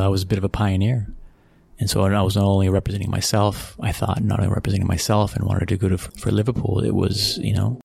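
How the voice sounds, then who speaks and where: A man's voice: low-pitched, creaky, darkish tone, slightly rough, no room sound. An American man from Texas telling stories in a casual interview, rambling with restarts and frequent chuckles. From Texas, USA. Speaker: interview guest, football club executive.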